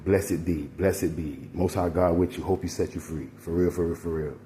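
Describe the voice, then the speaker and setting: Deep-voiced man preaching casually. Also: fairly even intonation, moderate pace, mellow, a little hiss or hum. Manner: preachy, rambling, addresses listeners as y'all. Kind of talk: casual spiritual monologue.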